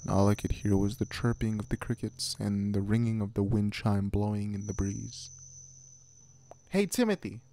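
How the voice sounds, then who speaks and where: A man giving a scripted horror story narration in a measured, hushed way. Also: lowish voice, flat delivery.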